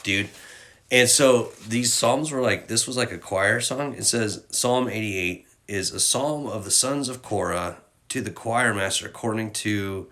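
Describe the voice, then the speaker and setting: Man, casual devotional talk: rambling, candid, bright tone, lowish pitch, tearful at times. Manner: candid and rambling, with fillers and slang. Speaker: youth ministry leader.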